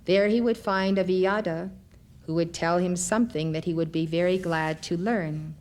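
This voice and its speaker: A woman lecturer reading spiritual stories aloud in a measured, deliberate way. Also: on the low side, a little mellow.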